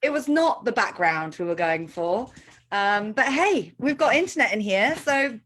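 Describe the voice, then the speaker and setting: A woman's voice: a little high, lively intonation, a little slow, fairly bright tone. An upbeat, self-deprecating woman hosting a live-streamed interview over a video call from an office. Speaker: host. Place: farm office indoors.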